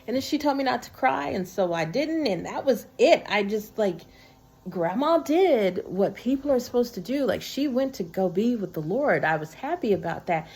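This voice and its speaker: A woman's voice: a little high, expressive, moderate pace, a little mellow. A woman vlogging straight to camera in a casual, earnest and heartfelt way, recorded on a built-in camera or phone mic. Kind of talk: casual personal talk to camera.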